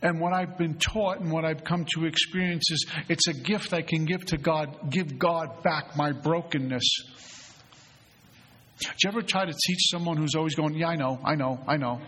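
A man's voice: fairly high pitch, fairly even intonation, normal speed, fairly bright tone, husky. A man leading a spiritual recovery retreat, talking in an earnest, conversational way and often repeating his phrases. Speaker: retreat facilitator. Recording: long hall reverb.

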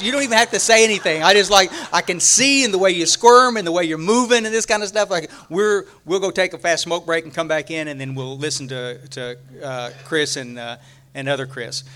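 An older man with a Texan accent, telling rambling, humorous stories to a retreat audience, full of halting restarts and fillers. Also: high-pitched, bright, forceful tone, slight background noise. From Texas. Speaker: recovery retreat speaker. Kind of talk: rambling humorous storytelling talk. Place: room at a retreat, talking to a live audience.

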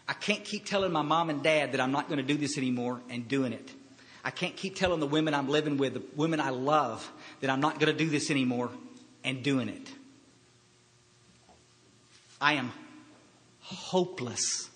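A man giving a personal recovery talk, telling his story in a halting way with quiet pauses. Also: mid-range voice. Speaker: recovery speaker. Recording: hall reverb.

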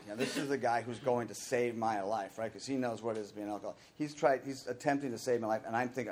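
A middle-aged man shares his personal recovery story candidly and ramblingly, at times imitating the voices of people he quotes. He talks fast at a medium pitch.

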